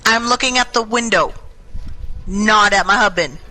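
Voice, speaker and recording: A young adult woman casually telling a long, rambling story over game voice chat, chatty and animated, swearing freely. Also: medium pitch, moderate pace, crowd noise, poor audio. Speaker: gaming group member. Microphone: headset or desk mic in online voice chat.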